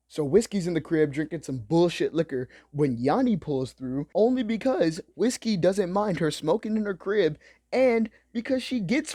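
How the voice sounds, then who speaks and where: Animated, profane young male recap commentator. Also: on the high side, dry recording, studio quality. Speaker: commentary host. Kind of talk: comedic anime recap commentary.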